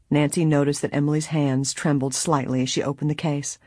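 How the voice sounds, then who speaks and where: An audiobook reader narrating a mystery story in a measured way, with a breathy voice. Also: medium pitch, flat delivery, darkish tone, dry recording, clean studio sound. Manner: measured storytelling, voicing each character. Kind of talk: scripted narration.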